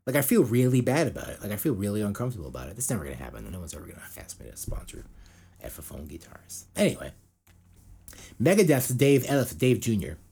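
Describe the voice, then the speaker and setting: A man's voice: lowish voice, huge pitch swings, fast, creaky, dark tone, a little hiss or hum. A man co-hosting a podcast in casual chat, rambling with lots of fillers and restarts. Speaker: podcast co-host.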